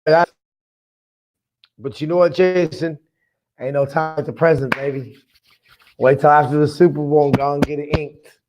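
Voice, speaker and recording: Male podcast host, fan energy, hyped and heartfelt, a touch higher voice. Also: moderate pace, long pauses, noisy background. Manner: excitable, hyped, emotional. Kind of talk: casual fan podcast commentary, reading viewer comments.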